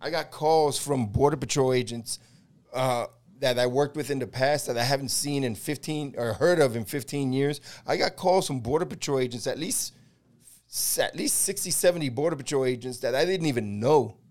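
A man's voice: mid-range voice, normal speed, darkish tone. A middle-aged American man hosting a podcast, telling a long story in casual chat, acting out the quotes, swearing and laughing along. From United States. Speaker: podcast host.

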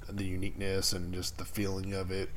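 A man's voice: deep voice, monotone, fairly quick, fairly bright tone, slight background noise. A man co-hosting a podcast in casual chat, rambling, trailing off mid-sentence and laughing often. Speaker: podcast co-host.

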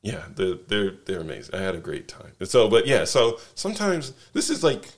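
A man's voice: fairly low pitch, wildly swooping pitch, a little fast. A man casually telling a rambling travel story, full of fillers, restarts and tag questions.

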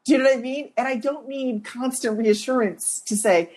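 A woman co-hosting a podcast, telling stories in a lively, self-deprecating way and laughing as she talks. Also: high-pitched, moderate pace, breathy edge. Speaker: podcast co-host. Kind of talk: casual conversational storytelling.

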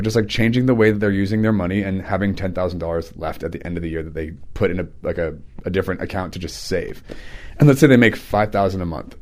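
A man's voice: lowish voice, a little mellow. A man hosting his own podcast, telling stories in a loose, rambling, chatty way. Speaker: podcast host; teacher and preacher. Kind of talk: casual podcast chat.

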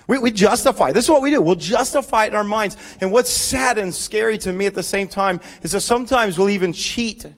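A high-pitched man in his forties delivers a sermon from the pulpit. He talks in a lively, joking way, often restarting his sentences as he tells stories about himself. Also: a little fast. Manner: animated, joking storytelling with frequent restarts. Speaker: pastor.

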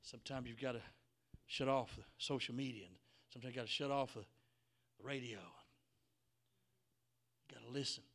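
A man preaching a Pentecostal sermon, telling the story dramatically and acting out the voices, swinging from whispers to shouts. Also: mid-range voice, steady tone, normal speed, pauses often.

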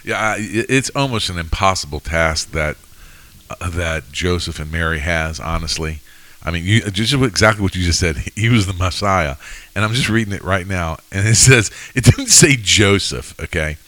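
Bright, emphatic male Bible study co-host. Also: low voice, normal speed, no echo. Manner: emphatic, conversational, checks in with "okay?". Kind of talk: casual teaching discussion.

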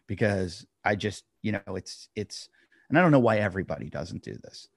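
A man's voice: lowish voice, lively intonation, moderate pace, vocal fry, dry recording, clean studio sound. A middle-aged man, a comedian, casually telling a long story on a podcast and acting out the quotes.

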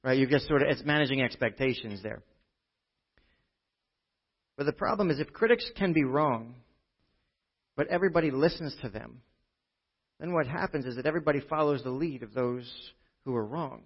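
A man preaching a sermon to a church congregation, chatty and full of rhetorical "right?" checks, dropping from loud emphasis to quiet asides. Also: mid-range voice, normal speed, long pauses, slightly rough. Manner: conversational, with frequent rhetorical "right?". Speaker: pastor. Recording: dull, muffled lo-fi recording.

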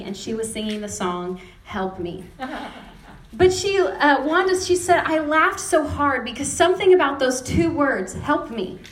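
A woman preaching a sermon, telling stories with lively retold dialogue. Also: sits high. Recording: echoey room.

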